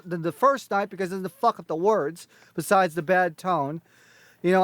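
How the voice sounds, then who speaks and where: A high-pitched man rattles off a long list of complaints, cursing as he goes. His voice sounds close and dry, with no room around it. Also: dry recording. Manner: rapid, blunt, swears constantly. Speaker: panelist ranking concert recordings. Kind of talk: profane critical rant.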